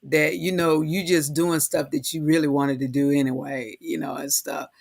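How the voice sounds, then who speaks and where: Co-host, teasing, laughing, quiet delivery, gravelly creak. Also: medium pitch, fairly even intonation, normal speed. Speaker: podcast co-host. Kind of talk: casual conversation.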